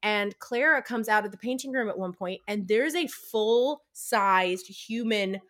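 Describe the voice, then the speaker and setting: A woman's voice: medium pitch, unhurried, a bit bright. A young woman podcast co-host retelling a book in a chatty, casual way. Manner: chatty, with frequent fillers and laughs.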